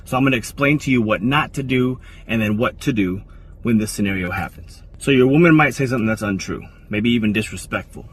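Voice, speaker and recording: A man's voice: lowish voice, a little fast, slightly rough. A man giving firm, didactic relationship advice in a recorded clip. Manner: firm and didactic, acts out quoted lines. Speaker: relationship coach. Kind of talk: instructional monologue in a clip. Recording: slightly distant with faint background noise.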